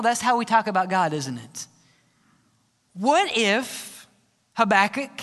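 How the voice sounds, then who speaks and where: A man's voice: extremely high pitch, sharp tone. A man preaching a sermon as pastor, earnest and emphatic, often asking his listeners questions. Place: church sanctuary. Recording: reverberant church sanctuary.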